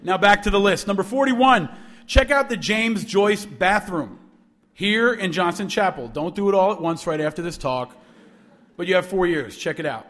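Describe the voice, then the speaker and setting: A man with a high voice gives a speech to students. He tells stories with playful humor and acts out both sides of a phone call. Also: lively intonation, moderate pace, a bit bright. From New York. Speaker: alumnus speaker.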